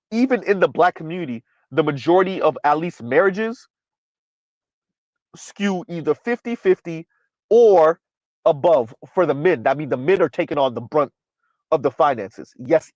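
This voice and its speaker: A man's voice: a little high, no room sound, muffled recording. A man from the United States, hosting a livestream commentary and reading out chat, emphatic and asking "right?" again and again. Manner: emphatic, repeats "right?" often. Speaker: commentary channel host.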